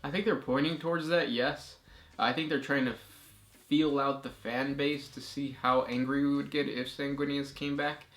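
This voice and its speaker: A young man co-hosting a casual chat, reading out viewer questions in a relaxed, agreeable way. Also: medium pitch, normal speed.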